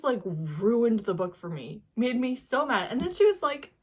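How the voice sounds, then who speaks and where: A woman's voice: fairly high pitch, very animated, normal speed, few pauses, husky. A young woman talking casually as a book reviewer, ranting with sarcasm and laughing often. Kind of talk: casual reading vlog.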